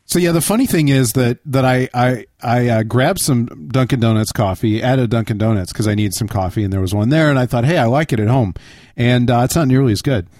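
A man's voice: medium pitch, brisk, hardly any pauses, darkish tone, no room sound, studio quality. A man co-hosting a podcast in casual chat, joking around and swearing freely. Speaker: podcast co-host.

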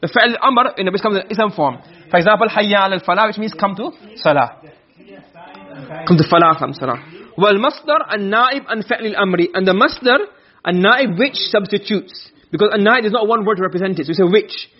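A man's voice: high voice, lively intonation. A man teaching Arabic grammar in a classroom lesson, quizzing his students as he goes and reading Arabic text before explaining it. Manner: quick, questioning, reads Arabic text then explains. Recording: dull lo-fi recording.

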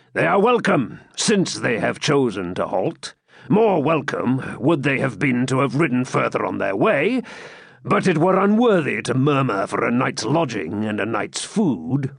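A man's voice: mid-range voice, gravelly, breathy edge, no room sound, studio quality, full character voice. A man voicing a proud, bitter old Saxon lord who speaks with indignant declamation in an audiobook reading. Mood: grudging.

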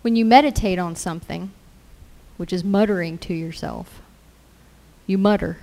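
A woman's voice: fairly low pitch, moderate pace, creaky, warm tone. A woman preaching a sermon in an earnest way, repeating scripture lines as declarations.

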